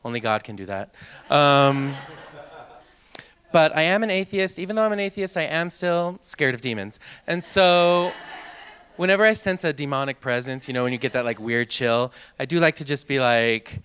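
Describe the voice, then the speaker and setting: A man's voice: medium pitch, expressive, moderate pace, a bit bright, clean tone. A man in his thirties with a sing-song voice doing a stand-up comedy set on a theater stage, into a handheld mic. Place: theater stage with live audience.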